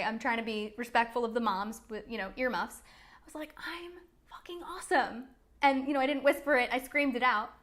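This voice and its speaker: A woman business coach hosting a motivational talk, energetic and emphatic, casual with some swearing. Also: on the high side.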